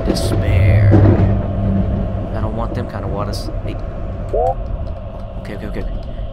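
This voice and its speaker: Young guy yelling and mumbling through a platformer, slow talker, game music blasting behind him. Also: on the low side. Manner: excitable, jumps from mumbling to shouting. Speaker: gaming video host. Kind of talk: let's play commentary.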